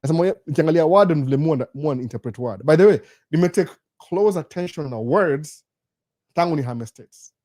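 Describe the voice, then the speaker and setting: A man's voice: a little high, a little fast, no echo. Chatty Kenyan man, dry close sound. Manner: chatty, animated, jokey asides. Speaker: live-stream host. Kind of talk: casual live Q&A chat. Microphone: studio microphone.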